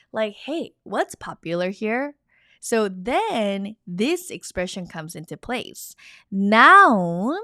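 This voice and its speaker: A woman's voice: mid-range voice, bright, forceful tone, no echo, clean studio sound. A woman teaching a lesson online, upbeat and chatty, repeating each new word for learners to say along. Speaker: Korean language teacher.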